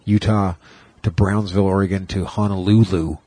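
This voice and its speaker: A man's voice: deep voice, flat delivery, normal speed, warm tone, no room sound. A man co-hosting a casual podcast, rambling and joking, a little stuffy today. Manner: joking, rambling, jumps into mock singing. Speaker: co-host.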